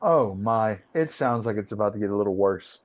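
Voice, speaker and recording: A man's voice: on the low side, lively intonation, brisk. A man co-hosting a casual podcast, answering with short reactions and joking asides. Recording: dull lo-fi sound.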